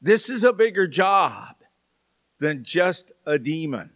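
Slow-speaking pastor preaching a sermon. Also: male voice, a little high, very animated, fairly bright tone. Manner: slow, storytelling delivery with dramatic pauses. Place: church sanctuary.

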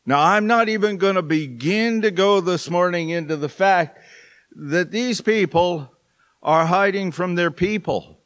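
A man's voice: sits high, measured pace, fairly bright tone. A male pastor preaching a sermon in church, with joking, folksy asides to the congregation.

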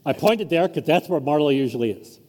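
A man's voice: a little high, animated, brisk, darkish tone, big-room sound. A man preaching a conversational sermon as a pastor, informal and chuckling through asides. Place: church sanctuary.

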